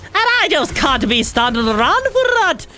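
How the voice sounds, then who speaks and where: A woman's voice: extremely high pitch, sing-song, normal speed, pushed and bright, slight background noise, pitched above the performer's own voice, full character voice. A woman putting on a cheeky, taunting mock-Irish voice while playing a game. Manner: taunting, singsong, says "wee bit" a lot. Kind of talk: joking put-on voice while gaming.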